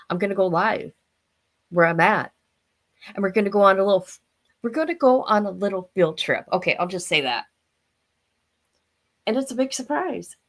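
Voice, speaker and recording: An older woman hosting a casual livestream, rambling and talking straight to her viewers. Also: medium pitch. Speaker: livestream host.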